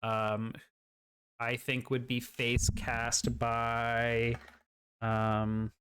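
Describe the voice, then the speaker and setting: A man's voice: medium pitch, completely flat delivery, drawn-out words, a bit bright, smooth. A man narrating as game master, rambling and searching for words with lots of fillers.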